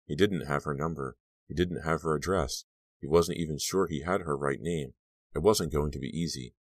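A man narrating a teen horror novel, with measured, brooding storytelling into a close mic. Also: very deep voice, no echo. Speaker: audiobook narrator. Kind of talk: scripted narration.

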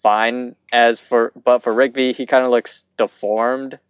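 A young man co-hosting a podcast, chatting in an easygoing, halting way with many restarts. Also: medium pitch, flat delivery, clean tone, no echo. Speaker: podcast co-host. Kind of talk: casual episode recap chat.

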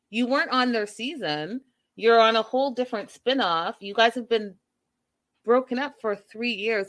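A woman's voice: fairly high pitch, normal speed. A woman giving a casual, gossipy recap of a reality show, acting out what the cast said and reacting with exasperation. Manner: gossipy, animated, acts out quotes.

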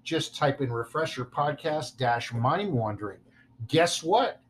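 A man's voice: mid-range voice, normal speed, slight background noise. A man hosting a casual podcast, joking and stumbling over his words now and then. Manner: playful, self-deprecating, stumbles over words. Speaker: podcast host.

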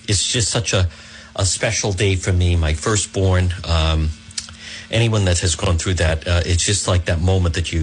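A man's voice: low voice, a little hiss or hum. A middle-aged man hosting a radio talk show, rambling casually with many fillers and repeated phrases. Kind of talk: casual talk radio monologue with live reads. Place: radio studio.

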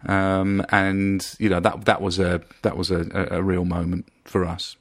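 A man's voice: deep voice, monotone, normal speed, dry recording, studio quality. A man co-hosting a podcast, chatty and full of asides as he tells stories. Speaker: podcast co-host. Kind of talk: casual chat, storytelling.

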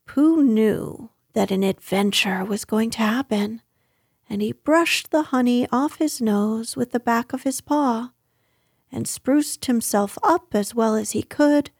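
A woman reading a children's book aloud in a gentle, unhurried way. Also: on the high side, slightly rough, dry recording, studio quality. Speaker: storyteller.

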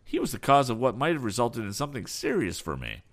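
A man's voice: mid-range voice, wildly swooping pitch, fast, a bit bright, voice pushed up. A man reading an audiobook, voicing an eager young male inventor a little above his own voice.

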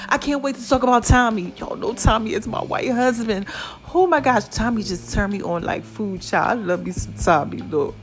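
A middle-aged woman hosting a casual podcast, animated and preachy, calling her listeners "babies" and "y'all". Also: on the high side, normal speed, soft background music. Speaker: podcast host. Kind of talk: casual encouraging podcast talk.

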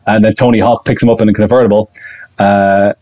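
Man, low voice, excitable, rambling, laughs a lot, muffled lo-fi audio. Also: a little fast. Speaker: podcast guest, actor. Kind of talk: casual podcast chat.

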